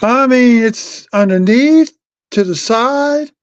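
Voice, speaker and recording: A woman's voice: fairly high pitch, lively intonation, slow pace, no room sound. A woman co-hosting a casual coin-collecting stream, chatting and rambling on as she searches for something. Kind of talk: casual live-stream chat. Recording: dull lo-fi sound.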